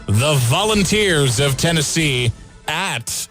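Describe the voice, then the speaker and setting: Brisk male sports radio host. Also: fairly high pitch, expressive, fairly bright tone, faint music behind. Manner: brisk, moves the segment along with quick questions. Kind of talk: casual sports picks chat.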